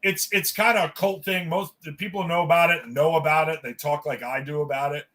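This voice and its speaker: A man chats on a podcast with a bright, forceful voice that sits a little high. He tells stories with energy, acts out every line he quotes and swears without a second thought. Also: fairly quick. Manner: animated storyteller, acts out quotes, swears freely. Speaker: podcast co-host. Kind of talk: casual chat.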